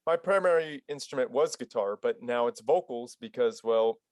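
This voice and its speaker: A man's voice: mid-range voice, moderate pace, darkish tone, dry recording. A man chatting casually as a podcast guest, a loose, playful storyteller who likes to joke, speaking into a studio mic at home. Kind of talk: casual chat. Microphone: studio dynamic mic at home.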